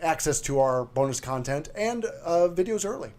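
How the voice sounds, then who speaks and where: A man's voice: a little high, expressive, normal speed, a little mellow. Bantering male comedy co-host. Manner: playful, ribbing his co-host.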